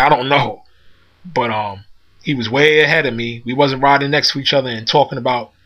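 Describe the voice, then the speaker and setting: A man telling a long casual story in loose street slang, jumping into quick voices for his friends. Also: mid-range voice, pushed and bright. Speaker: storyteller recounting arcade days.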